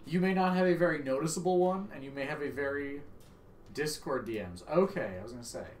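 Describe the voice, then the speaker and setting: Young male streamer, pitched a bit high, loud and joking; roomy echoey sound. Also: fast, slight background noise. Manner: loud, joking, swears freely. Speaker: livestream gamer. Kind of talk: casual stream chat. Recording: echoey room, faint ambience.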